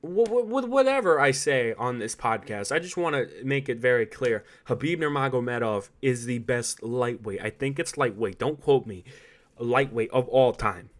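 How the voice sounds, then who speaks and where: A man hosting a solo podcast, talking in an animated, swearing, laugh-filled way that swings between loud outbursts and low asides. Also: normal speed. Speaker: podcast host.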